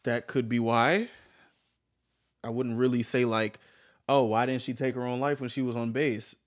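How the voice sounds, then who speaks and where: A man reacting to a true crime story, thinking out loud in slang and stumbling over his words. His voice sits at an ordinary middle pitch. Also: fairly even intonation, dry recording, clean studio sound. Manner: halting, filler-heavy slang talk. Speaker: reaction video host. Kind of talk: casual reaction commentary.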